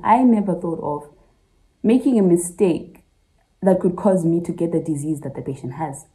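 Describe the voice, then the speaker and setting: In poor-quality audio, a young Zambian woman who vlogs as a medical student opens up to her audience in a casual confessional. Her voice sits on the low side with a dark tone and lively intonation at normal speed. She is in her twenties, telling an emotional personal story and laughing through tears as she addresses viewers directly.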